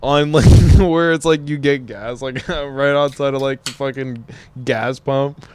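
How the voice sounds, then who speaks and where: A man's voice: medium pitch, fairly even intonation, a little slow, a little mellow, a little hiss or hum. A young man co-hosting a podcast, rambling in crude casual banter full of fillers and laughs. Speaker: podcast co-host.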